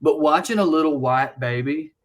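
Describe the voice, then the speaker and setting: A man, co-hosting a podcast as an animated, profane storyteller. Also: a little high, normal speed. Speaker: podcast co-host. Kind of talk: casual comedic chat.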